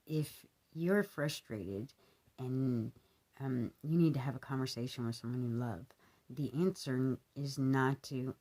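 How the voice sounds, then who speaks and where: A woman's voice: a bass voice, a little slow, dark tone. A woman in her thirties talking to camera in an earnest, rambling way, with lots of fillers. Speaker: vlogger. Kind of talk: casual monologue to camera.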